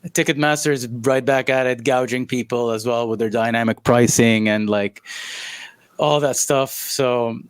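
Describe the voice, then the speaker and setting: A man's voice: mid-range voice, fairly even intonation, normal speed, smooth, dry recording, studio quality. A man co-hosting a casual music podcast, rambling with many fillers and restarts. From Saudi Arabia. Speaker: podcast co-host.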